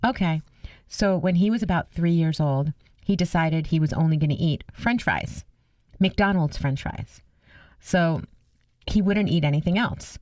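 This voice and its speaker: Expressive middle-aged woman on radio. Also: low-pitched, unhurried, no room sound. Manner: expressive, exclaims often, tells stories. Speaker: radio show co-host. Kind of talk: casual radio chat.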